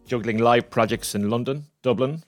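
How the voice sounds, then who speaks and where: A man's voice: mid-range voice, normal speed, soft background music. A man hosting a podcast interview, with polished, formal phrasing. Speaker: podcast host.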